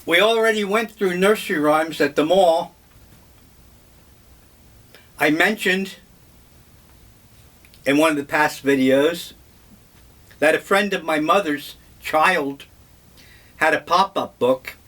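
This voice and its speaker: An older man vlogging, telling memories in a slow, wry, meandering way. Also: on the high side, a bit bright. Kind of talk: casual reminiscing monologue.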